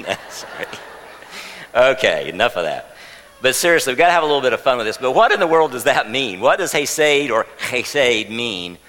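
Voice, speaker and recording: This man preaches as pastor in a church sanctuary, teasing lightly as he teaches and prompting the congregation to echo a word with him. His medium-pitched voice is brisk with lively intonation, warm and joking. A long reverb tail trails on a rough recording.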